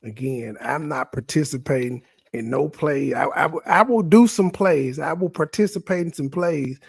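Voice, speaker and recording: A man's voice: on the high side, normal speed, creaky, husky, no room sound, clean studio sound. A man in an online voice chat, arguing bluntly and sarcastically as he reasons things out. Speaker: chat participant. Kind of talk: casual argumentative chat.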